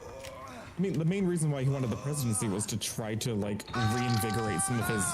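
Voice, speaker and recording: A man's voice: mid-range voice, brisk, music in the background. A man co-hosting a live stream, rambling casually with lots of fillers and hesitations. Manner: rambling, full of "like" and "um". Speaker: co-host. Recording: noisy background.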